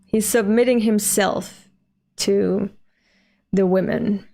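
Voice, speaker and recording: A woman reading a manga aloud and reacting with expressive, animated commentary that jumps high when she is moved. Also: takes it slowly, vocal fry. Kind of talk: emotional read-along reaction.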